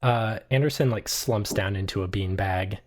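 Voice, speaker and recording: A woman narrating a tabletop game as game master, relaxed with frequent fillers. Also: very deep voice, moderate pace.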